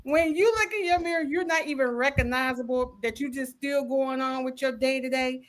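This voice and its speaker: A woman hosts a faith talk show in a bright, high voice. She tells stories in an animated, slangy way and jumps into acted-out quotes. She leans on "you know what I'm saying?" again and again. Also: brisk. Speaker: podcast host.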